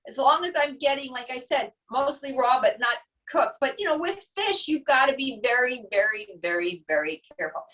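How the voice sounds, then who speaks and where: High-voiced woman showing a recipe. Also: moderate pace, few pauses, distant mic, poor audio. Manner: relaxed, explains step by step with many asides. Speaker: guest. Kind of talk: casual cooking demo chat.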